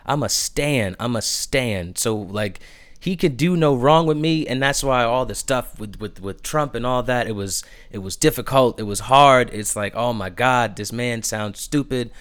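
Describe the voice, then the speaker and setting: A man hosting a podcast, gushing about new music in casual chat, stumbling over restarts in his excitement. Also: medium pitch, normal speed. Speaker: podcast host.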